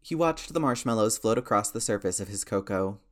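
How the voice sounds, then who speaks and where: Low-voiced man narrating a story. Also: expressive, fairly quick. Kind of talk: audiobook narration of fan fiction.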